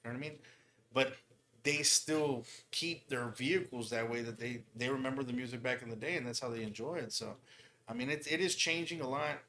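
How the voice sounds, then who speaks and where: Chill car audio guy talkin shop, bright voice, swears a lot. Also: mid-range voice, brisk. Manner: laid-back, slangy, swears freely. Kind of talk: casual podcast chat.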